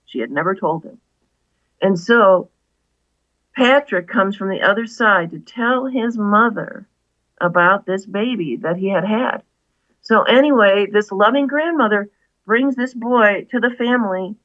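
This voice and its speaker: A woman's voice: medium pitch, dry recording. Woman, author guest, earnest storytelling, dull dry sound. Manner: earnest, animated retelling with asides. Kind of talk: storytelling in a radio interview.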